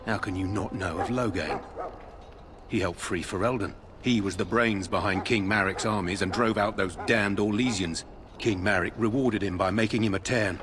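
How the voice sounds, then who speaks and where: Guy doing a gossipy game soldier, low voice, admiring, noisy hiss. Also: moderate pace, lightly acted. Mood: chatty. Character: chatty loyal male soldier guarding a tent. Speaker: game character, a tent guard.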